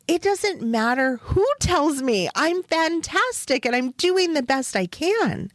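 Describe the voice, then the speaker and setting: Slow, gentle, lively-pitched woman. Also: no echo, clean studio sound. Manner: warm, reflective, speaks directly to the listener. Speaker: wellness podcast host. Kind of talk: gentle motivational talk.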